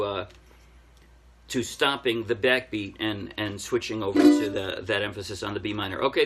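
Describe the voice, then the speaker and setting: Ukulele playing fills the background as a man teaches a laid-back lesson, breaking it down step by step while he strums. His voice is medium in pitch and a bit bright.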